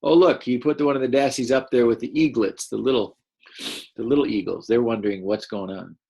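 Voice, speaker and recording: Husky guy teacher reading a picture book to little kids, encouraging, kinda gravelly. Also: medium pitch, a little fast. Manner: gentle, encouraging, explains as he goes.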